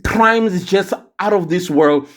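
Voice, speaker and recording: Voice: mid-range voice, unhurried. A South African commentator in a casual rant, full of sarcastic rhetorical questions.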